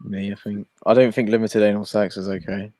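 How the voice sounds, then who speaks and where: A man's voice: lowish voice, little pitch movement, brisk, dark tone, dry recording. A man with a southern English accent, chatting as a guest on a live stream in a mild, unsure way. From south of England. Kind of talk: casual live-stream chat.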